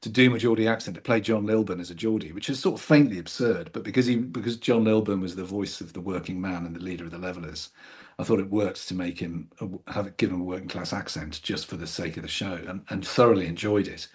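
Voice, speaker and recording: A middle-aged man from Newcastle, England, speaking in received pronunciation as an actor guest, relaxed and self-mocking with frequent laughs. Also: low voice, quick pace, slightly rough. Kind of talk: casual chat.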